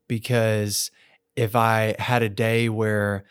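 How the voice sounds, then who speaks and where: A man, a pastor co-hosting a church podcast, speaking in an earnest, reflective way with halting restarts. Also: lowish voice, steady tone, dry recording, clean studio sound. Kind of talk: casual conversation.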